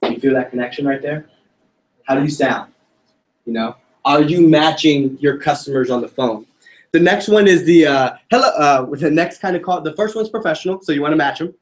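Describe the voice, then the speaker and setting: A man's voice: fairly high pitch, fairly quick. A young man giving a casual sales training talk to a group, joking and quizzing his listeners. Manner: casual, joking, addresses audience with questions.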